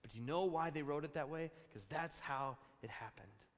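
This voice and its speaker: A pastor in his thirties preaching a sermon, telling stories with animated, repeated phrases. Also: on the high side, moderate pace. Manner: animated storytelling with repeated words. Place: large church hall. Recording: long reverb in a church hall.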